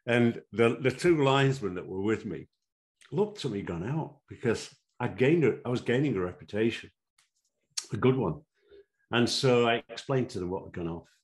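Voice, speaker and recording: A man's voice: medium pitch, expressive, moderate pace. A man, telling his own stories as an interview guest, rambling with fillers and chuckling often. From Sheffield, England. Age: 70s. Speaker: interview guest, former referee. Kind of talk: anecdotal interview storytelling.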